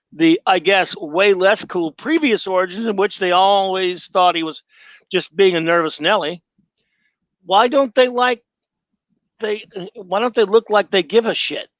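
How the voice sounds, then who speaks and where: A man's voice: sits high, a bit bright, no room sound, low-quality recording. A man hosting a live stream, reading his own film review aloud in a sarcastic, rambling, self-mocking way.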